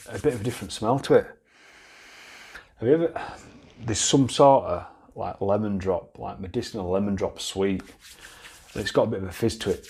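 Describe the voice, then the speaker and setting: A man's voice: fairly low pitch, a little mellow, breathy edge. A man with a Yorkshire accent reviewing a beard product in a casual, blunt, chatty way, swearing freely and restarting his sentences. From Yorkshire, England.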